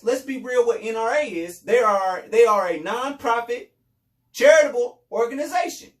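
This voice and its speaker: A man's voice: extremely high pitch, echoey room, far from the mic. A man hosting a podcast, giving casual commentary in a loose, repetitive way with sarcastic asides. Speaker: podcast host.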